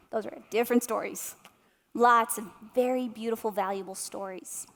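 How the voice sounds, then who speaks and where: Woman in her 30s, motivational keynote, animated storyteller, slightly high voice, reverberant hall. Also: normal speed, creaky. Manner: animated storyteller, addresses audience directly with tag questions. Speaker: keynote speaker. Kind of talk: motivational speech. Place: large hall at an arts center.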